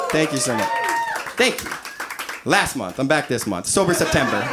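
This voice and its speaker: A man in his thirties performing a crude, animated stand-up comedy set on a club stage, acting out quoted voices. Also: fairly high pitch, background noise. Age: 30s. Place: comedy club stage before a laughing audience.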